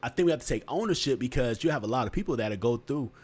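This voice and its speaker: A man hosting a casual podcast, his pitch sitting in an ordinary middle range. He talks bluntly and swears freely, lecturing about relationships in a preachy but conversational way. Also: lively intonation, fast talker, darkish tone. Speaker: podcast host.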